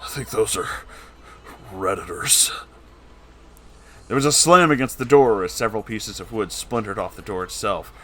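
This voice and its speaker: A man's voice: lowish voice, a bit bright. A man reading a storybook tale aloud in a theatrical narrating manner. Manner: theatrical, switches into voices for characters. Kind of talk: dramatic storybook reading with character voices.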